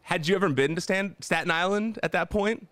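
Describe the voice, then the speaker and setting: A man's voice: high voice, fairly quick, noisy background. A man hosting a casual interview who asks questions in a friendly way and laughs along with his guest. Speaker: interview host.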